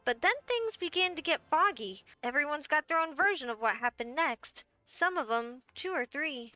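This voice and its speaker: A woman's voice: sits high, lively intonation, moderate pace, sharp tone, no room sound. A woman voicing a brassy, folksy little guildmaster and innkeeper in a game, with a wry storytelling manner. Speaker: game character. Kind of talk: game voice acting.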